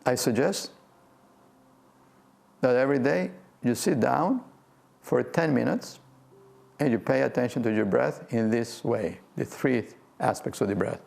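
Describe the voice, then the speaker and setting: An older man, a physics professor, gives a gentle, playful guided talk on breath meditation and laughs often. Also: medium pitch, a little slow, vocal fry, pauses often. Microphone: video talk to a remote audience.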